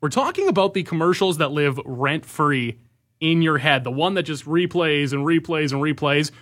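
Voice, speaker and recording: A man's voice: fairly high pitch, animated, normal speed, fairly bright tone. A man hosting a morning radio call-in show, talking in an upbeat, friendly way. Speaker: radio host.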